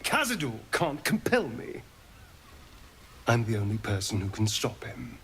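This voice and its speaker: A man's voice: mid-range voice, very animated, a little slow, gravelly, a bit bright, slight background noise, full character voice. An actor playing a sly, arrogant young-looking male vampire spawn in a video game, with a smug, mocking, theatrical delivery. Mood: defiant.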